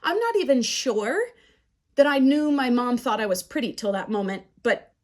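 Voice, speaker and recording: A woman teaching a class on resilience, telling personal stories in a candid, animated way. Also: on the high side, normal speed. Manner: candid, animated storytelling with acted quotes. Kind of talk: storytelling lecture.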